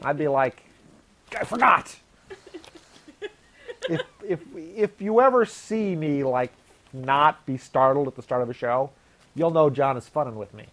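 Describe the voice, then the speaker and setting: A man's voice: on the high side, unhurried. A man hosting his own show, talking in a casual, rambling, self-deprecating way and acting out what people say. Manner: acts out quoted voices. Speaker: host.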